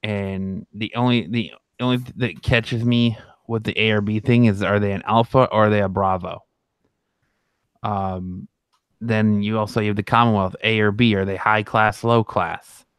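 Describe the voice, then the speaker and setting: A man's voice: on the low side, steady tone, moderate pace, clear, resonant tone, no echo, clean studio sound. A man co-hosting a fan podcast, talking casually and rambling with many restarts and fillers. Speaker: podcast co-host.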